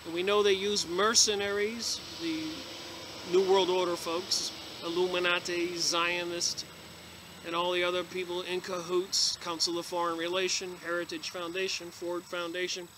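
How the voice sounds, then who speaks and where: A man's voice: high voice, level tone, moderate pace, noisy background. A man, a video blogger, reading passages aloud and commenting on them in an emphatic, emotional way. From United States. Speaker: video blogger reviewing books.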